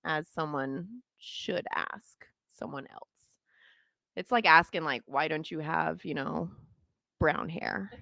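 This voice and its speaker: A woman's voice: deep voice, slow pace, vocal fry, pushed and bright, dry recording. A woman hosting a podcast, telling a story in casual chat, laughing often and acting out the voices she quotes. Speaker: podcast host.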